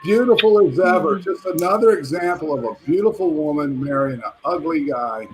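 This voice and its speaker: A man's voice: a little high, expressive, brisk, crowd noise. A man bantering and joking in a casual group video call. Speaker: guest on a live stream. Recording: noisy video call line.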